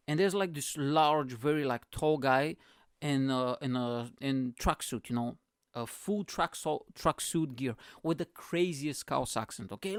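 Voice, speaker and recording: Host, comic monologue, rambly and foul-mouthed man, slightly high voice, dry close sound. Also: moderate pace, clean tone, dry recording. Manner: rambling, sweary, animated storytelling. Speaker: podcast host. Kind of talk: comedic monologue.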